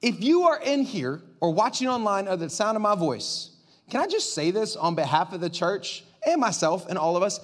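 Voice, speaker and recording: Animated, high-voiced male pastor. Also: normal speed. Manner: animated, conversational, dramatic swings in volume. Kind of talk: sermon.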